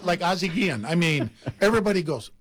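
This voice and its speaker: An older man, a former baseball player, telling animated anecdotes in casual chat and laughing often. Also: high voice, fast talker, crowd noise.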